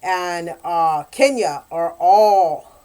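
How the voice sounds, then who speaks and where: A woman and romance author chatting casually in a book review, animated and quick to laugh. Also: fairly low pitch.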